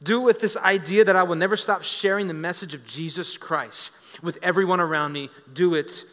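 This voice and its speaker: A pastor in his thirties preaches fairly quickly in a high, bright voice, full of energy. He jokes with the congregation, repeats words, and circles back on what he's said, while his voice rings through a large church hall with long reverb.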